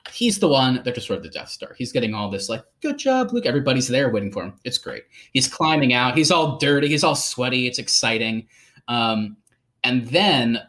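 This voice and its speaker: A man's voice: medium pitch, a bit bright. Rambling, laughing male podcast co-host. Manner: rambling, laughing, many fillers. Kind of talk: casual film discussion.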